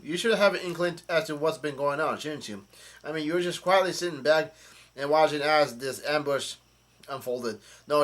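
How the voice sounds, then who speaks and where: A man casually recapping a comic chapter, reading quoted lines aloud in a halting, hesitant way. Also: on the high side, a bit bright. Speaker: manga chapter reviewer.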